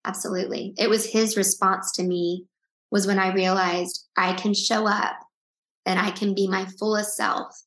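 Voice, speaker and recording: A woman speaks as an interview guest, telling a personal story with earnest openness and many restarts. Her voice sits mid-pitched and rings slightly in a roomy space. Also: level tone, normal speed, a bit bright. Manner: earnest, tearful at times, frequent restarts.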